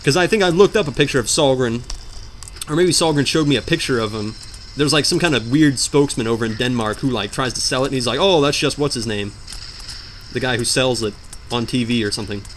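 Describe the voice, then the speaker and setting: A man's voice: mid-range voice, brisk, a bit bright, slight background noise. A young man doing let's play commentary while gaming, rambling and joking with melodramatic outbursts. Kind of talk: game commentary.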